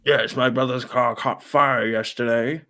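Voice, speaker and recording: Speaking at a medium pitch in a sharp, steady tone and a measured pace, a man co-hosts a casual podcast. He tells his story in a put-on British voice, humming small "pa pa pa" syllables as filler between sentences.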